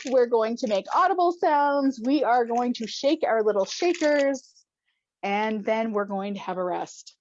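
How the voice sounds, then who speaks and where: A woman coach leading a stress-release exercise, playful and encouraging, laughing often and breaking into loud cheers. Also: sits high, dull audio. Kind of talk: guided group exercise instruction.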